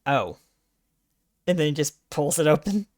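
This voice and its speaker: A man's voice: a little high, sing-song, a little slow, no echo, studio quality. A man playing a tabletop game, plainly narrating his character's actions. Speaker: player.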